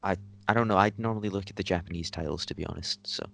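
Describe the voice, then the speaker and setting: A man's voice: sits low, racing, vocal fry. A man co-hosting a casual anime chat, teasing and sarcastic in tone. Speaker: podcast co-host.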